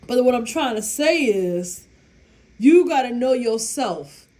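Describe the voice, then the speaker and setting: Relationship advice comes bluntly from this woman as she chats casually with her viewers, full of profanity and emphasis, laughing at her own story. She talks slowly, her slightly high voice warm with lively intonation.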